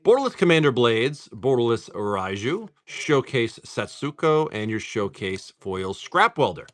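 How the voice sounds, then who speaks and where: A man hosts a live card-breaking stream with a lively voice that swings up and down. He talks loosely and casually to his chat, dropping curse words as he goes. His pitch sits in an ordinary middle range. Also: unhurried. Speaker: host of a live card-pack opening stream.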